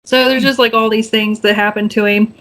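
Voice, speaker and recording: A podcast co-host with a slightly high, somewhat bright voice recaps a movie in loose, rambling conversation, her tone steady and her pace a little fast. She piles up fillers and restarts, and her pitch jumps up whenever she acts out characters' lines.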